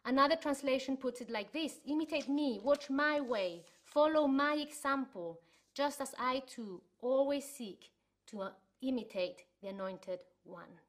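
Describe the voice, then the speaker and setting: A woman's voice: high-pitched, lively intonation, measured pace. A woman from Chile giving an earnest sermon to an online church congregation, telling stories as she teaches. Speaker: church speaker.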